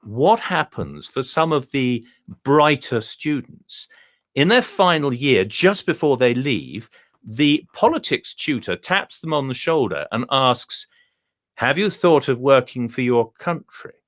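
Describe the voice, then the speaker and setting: A man's voice: medium pitch, sing-song, slow, a bit bright. A man voicing a clever, upper-class male talking dog with a plummy, self-satisfied manner. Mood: smug.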